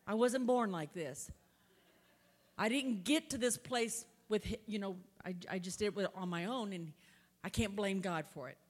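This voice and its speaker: A woman's voice: medium pitch, normal speed. A woman speaks at a church conference in a folksy, storytelling way. Her voice has a long reverb from the large hall. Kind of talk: testimony and church talk. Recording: echoey hall.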